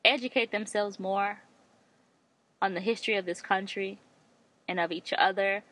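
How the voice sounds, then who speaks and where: A woman's voice: medium pitch, fairly even intonation, normal speed, a bit bright. A woman co-hosting a podcast in casual chat, speaking candidly and swearing freely. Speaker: podcast co-host.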